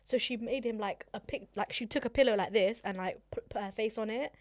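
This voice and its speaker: A young woman with a fairly high voice chats casually as a podcast co-host and reacts with quick exclamations. Her voice is recorded close and dry, with no room sound. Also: dry recording.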